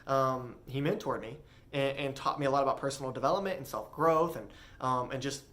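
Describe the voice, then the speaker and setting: A young man earnestly recounting his personal story, halting often with fillers and restarts. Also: mid-range voice, a bit bright. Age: young adult.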